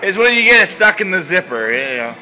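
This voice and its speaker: Bright, high-voiced teasing man. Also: sing-song, brisk. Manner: teasing, eggs on the puppet, laughs a lot. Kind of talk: casual teasing banter.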